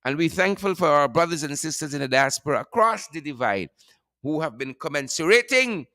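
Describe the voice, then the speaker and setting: A man's voice: a little high, expressive, a little fast, pushed and bright, dry recording, clean studio sound. Guyanese man chatting to viewers. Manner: chatty, repeats phrases, laughs often. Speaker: show host. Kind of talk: casual live-stream chat, greeting viewers.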